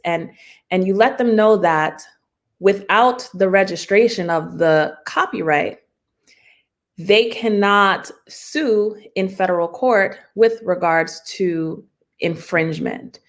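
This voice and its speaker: A woman's voice: lowish voice, a little slow. A woman intellectual property lawyer giving a conversational continuing-education talk, explaining plainly with everyday examples and mock client talk, laughing often between fillers and restarts, over a video call.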